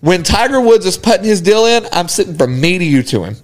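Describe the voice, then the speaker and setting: A man's voice: high-pitched, a little fast. A man co-hosting a podcast, telling a story in casual chat, laughing and swearing freely. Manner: animated, laughs hard while telling stories, swears. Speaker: podcast co-host.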